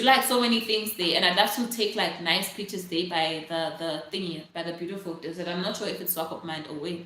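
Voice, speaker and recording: A woman's voice: mid-range voice, pushed and bright, a little hiss or hum. Chatty South African young woman, echoey room. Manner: chatty, many fillers like "like" and "literally", reads out viewer comments. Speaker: livestream host. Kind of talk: casual live-stream chat.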